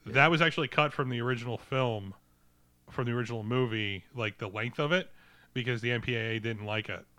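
A man's voice: medium pitch, brisk, sharp tone, dry recording. A man co-hosting a casual movie review podcast, sharing behind-the-scenes trivia and quizzing his friends. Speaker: podcast co-host.

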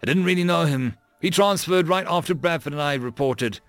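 Man voicing a somber, measured Marine. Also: fairly high pitch, no room sound, pitched above the performer's own voice, lightly acted. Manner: measured, explaining. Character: sober male Marine, quietly reflective.

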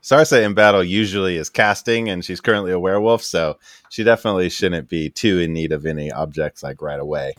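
A man narrating as game master of a tabletop game, relaxed and hedging as he talks. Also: low voice, a little fast, no echo, studio quality.

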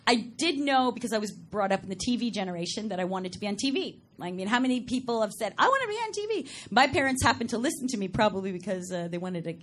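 A middle-aged actress from Long Island, New York, appears as a talk show guest, rambling in casual chat and laughing often, with no regional accent. Her medium-pitched voice moves quickly with hardly any pauses.

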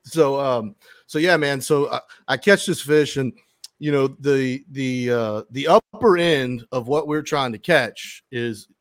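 A man hosts a fishing podcast and tells a long story in loose, casual chat. He rambles, restarts, and swears freely. His voice sits at a medium pitch, recorded dry and close. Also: unhurried, no room sound. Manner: rambling, profane, with frequent restarts.

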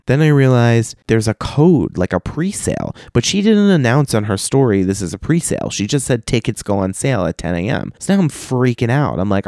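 A man's voice: on the low side, animated, quick pace, hardly any pauses, a little mellow, dry recording, clean studio sound. Profane theatrical man hosting podcast. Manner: profane, theatrical, acts out dialogue in shifting voices. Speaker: podcast host. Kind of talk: casual solo podcast rant.

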